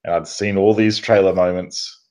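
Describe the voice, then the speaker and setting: Teasing man with a lowish voice. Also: fairly even intonation, normal speed, warm tone. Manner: teasing, laughs often. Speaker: podcast co-host. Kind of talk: casual chat.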